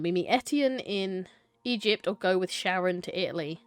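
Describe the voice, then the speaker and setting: A woman's voice: lowish voice, animated, moderate pace, clean tone, no room sound. A young adult woman live-streaming a choice game, reading it aloud and chatting playfully with viewers, laughing and swearing casually.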